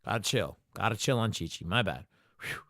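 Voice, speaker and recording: A man's voice: lowish voice, expressive, fairly quick, bright, forceful tone, no room sound, studio quality. A man hosting a podcast alone, talking casually through an episode recap, cursing often and joking as he rambles. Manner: profane, jokey, rambling commentary. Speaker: podcast host.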